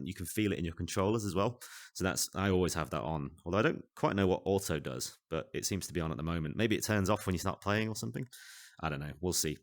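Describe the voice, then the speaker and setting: A man with a very low voice walks through a VR music app in a loose, chatty tutorial. He talks quickly and wanders into asides, often poking fun at himself. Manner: chatty, rambling, self-deprecating, with many asides. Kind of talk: casual tutorial walkthrough. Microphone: desk microphone.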